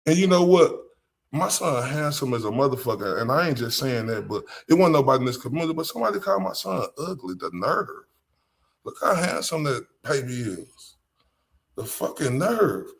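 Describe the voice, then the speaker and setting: A man's voice: mid-range voice, very animated, moderate pace, gravelly. A man with a Southern US accent hosting a live stream, talking bluntly and with profanity straight to his chat. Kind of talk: casual live-stream commentary.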